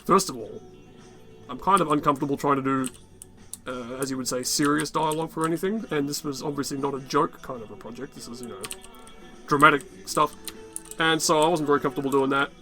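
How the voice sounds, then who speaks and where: A man with a raspy, worn-out voice giving rambling, casual gameplay commentary, muttering to himself and swearing often. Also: medium pitch, steady tone, brisk, bright, forceful tone, faint music behind. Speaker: gaming channel host.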